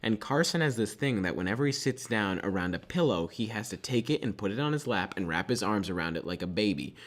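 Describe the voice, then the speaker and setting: A man's voice: lowish voice, animated, quick pace. A teenage man co-hosting a podcast, telling a rambling story and pushing on through interruptions. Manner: rambling storyteller, keeps pushing on with side stories. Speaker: podcast co-host. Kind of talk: casual chat.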